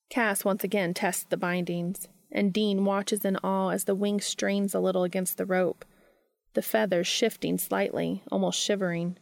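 A woman reading a story aloud in an unhurried, soft, intimate narration. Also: mid-range voice, gravelly, dry recording, studio quality. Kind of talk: scripted audiobook narration.

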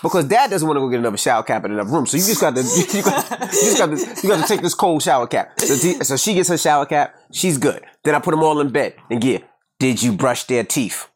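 A man co-hosting a podcast, telling a home story in an animated, profane way. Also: a little high, fast, slightly rough. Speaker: podcast co-host. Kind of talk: casual storytelling chat.

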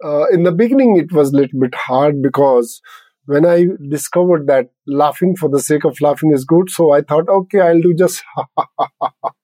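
An older man from India, the founder of laughter yoga, appears as a guest on a podcast interview, laughing often while explaining things in simple terms. His warm, mellow voice sits a little high for a man and moves at a moderate pace. The recording is dry and close-miked, though the audio quality is poor.

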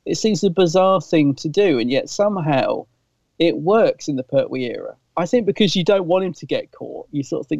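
A man's voice: fairly high pitch, lively intonation, moderate pace, creaky, darkish tone, no room sound, highs cut off. A man co-hosting a podcast, chatting casually and enthusiastically, rambling with frequent restarts. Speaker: podcast co-host. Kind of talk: casual fan chat.

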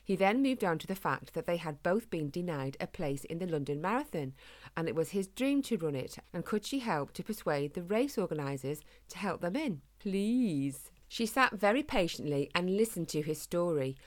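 A woman reading a children's storybook aloud in a gentle, measured way. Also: on the low side, very animated.

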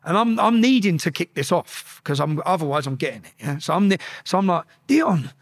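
A man with a fairly high, brisk voice and lively intonation bluntly recounts his experiences as an interview guest. His casual storytelling is full of swearing, and he often restarts his sentences.

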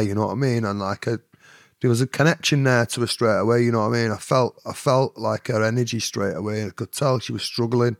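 A man's voice: fairly low pitch, gravelly, dry recording, studio quality. A man with a Mancunian accent, a podcast guest telling a rambling story full of fillers and "you know what I mean". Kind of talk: storytelling in an interview.

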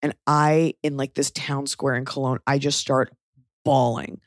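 A woman's voice: very deep voice, fairly even intonation, a little slow, dry recording, studio quality. A woman in her thirties hosting a podcast, telling a story casually with lots of fillers and swearing. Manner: rambling, filler-heavy, sweary. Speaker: podcast host.

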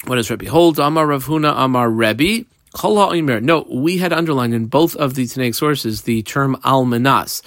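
Animated man teaching a Talmud page. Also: mid-range voice, normal speed, few pauses, no room sound. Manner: animated, mixes Hebrew-Aramaic terms into English explanation. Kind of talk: daily page Talmud class.

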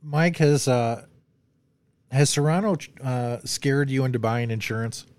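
A man's voice: medium pitch, a little slow, darkish tone, clear, resonant tone. A man hosting a casual movie discussion podcast, rambling and laughing often as he quotes lines. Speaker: podcast host.

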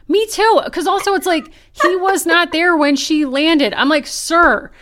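A woman co-hosting a podcast in casual chat. She is animated and sarcastic, and she acts out the people she quotes. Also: extremely high pitch, moderate pace. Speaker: podcast co-host.

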